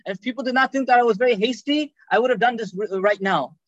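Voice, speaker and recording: Guy preaching, really high voice, talks fast, stumbles and restarts a lot, dull dry recording. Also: no echo. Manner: animated storytelling, quick talk with repeated restarts. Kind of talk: sermon storytelling.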